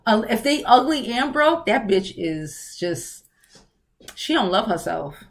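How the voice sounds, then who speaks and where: A woman's voice: fairly high pitch, sing-song, a little slow. A woman hosting a casual livestream, talking bluntly and profanely and often laughing as she answers viewer comments. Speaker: livestream host.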